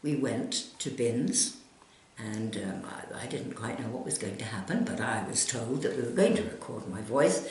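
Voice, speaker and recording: An older woman with a Scottish accent and an unusually deep voice spins her stories in a lively, sweeping way. Her voice swoops up and down as she talks. It was recorded in a very echoey room with a faint hiss behind her. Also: normal speed. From Scotland. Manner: animated storyteller, chatty and vivid. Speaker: interviewee. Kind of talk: recalling memories in conversation.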